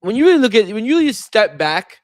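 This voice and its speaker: A man co-hosting a casual sports chat, talking in an animated, exasperated way with big swings in pitch. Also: quick pace, dry recording. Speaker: co-host.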